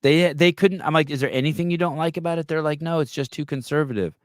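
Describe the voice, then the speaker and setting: A man hosting a podcast, chatting casually and telling stories with quick back-and-forth retorts. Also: on the high side, no room sound, clean studio sound. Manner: animated storyteller, quick retorts. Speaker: podcast host. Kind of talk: casual chat.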